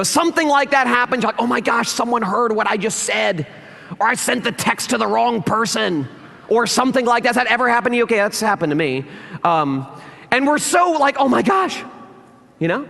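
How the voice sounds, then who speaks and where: A man preaching a sermon as pastor, telling a personal story in an animated way and acting out the lines of the people in it. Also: high voice, vocal fry, long reverb tail.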